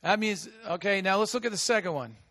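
A high, bright-voiced American pastor preaching with a big voice that jumps from fervent shouts to quiet asides. His words ring out with a long reverb through a church hall. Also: lively intonation, quick pace. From United States. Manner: big voice that swings between shouting and hushed asides. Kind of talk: sermon.

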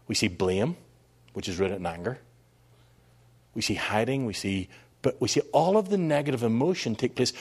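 Animated male preacher with lively pitch. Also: breathy edge. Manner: animated, conversational preaching with asides and jokes. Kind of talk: sermon.

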